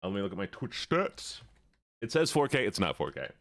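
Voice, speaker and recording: Low-voiced man chatting on a live stream. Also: very animated, a little fast, a bit bright, no echo. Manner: rambling, self-correcting, chatty with viewers. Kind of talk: casual live-stream chat.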